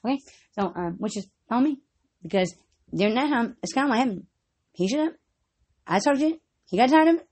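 A woman's voice: on the high side, lively intonation, quick pace, pauses often, darkish tone. A woman vlogger telling rambling, casual stories, swearing freely and breaking into frequent giggles.

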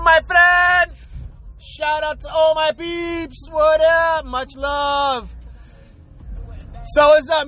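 A man ranting to his viewers in a profane, comic vlog, laughing often and dropping into a lower voice to act out excuses. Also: sharp tone. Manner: laughs often, swears freely, mixes in Spanish; acts out quoted excuses in a lower voice. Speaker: vlogger. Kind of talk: profane comedic rant to camera.

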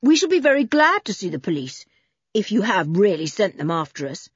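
A woman's voice: mid-range voice, sing-song, a little fast, husky, dry recording, dull audio. A woman reading aloud, voicing a confident, cool-headed teenage boy who speaks coldly and firmly. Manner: cold and firm.

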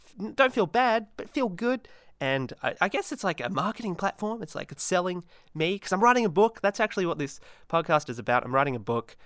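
A man hosting his own solo podcast, rambling in a manic, self-mocking way with many restarts and dark deadpan jokes. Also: high voice, fairly quick, dry recording, studio quality. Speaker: podcast host.

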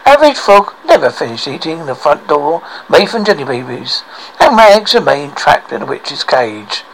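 A man narrating a children's storybook aloud, expressive, with small slips and restarts. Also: fairly high pitch, moderate pace, a little hiss or hum, low-quality recording.

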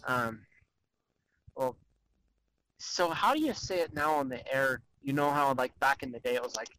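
A man's voice: medium pitch, animated, normal speed, sharp tone, slight background noise, rough recording. A man co-hosting a podcast by cell phone, chatting casually, rambling and giggling with lots of fillers. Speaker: podcast co-host. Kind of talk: casual chat.

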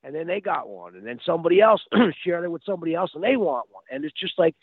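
Animated man on a tinny phone line. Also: fairly high pitch, fast, breathy edge, dry recording. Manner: animated, repeats words, acts out quotes. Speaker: guest. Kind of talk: casual storytelling. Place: outdoors by a street. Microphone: phone call.

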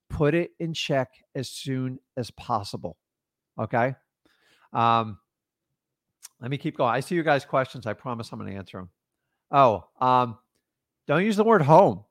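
A man's voice: medium pitch, animated, normal speed, no echo, clean studio sound. A man coaching beginners in real estate wholesaling in a casual live talk, emphatic and often checking in with "okay?". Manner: acts out sellers' and his own lines in quotes.

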